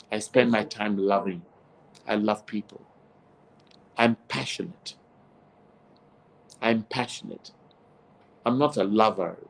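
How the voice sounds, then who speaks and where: A man's voice: fairly low pitch, vocal fry, rough recording. A man, speaking as an interview guest in an emphatic, preachy monologue that keeps repeating his points.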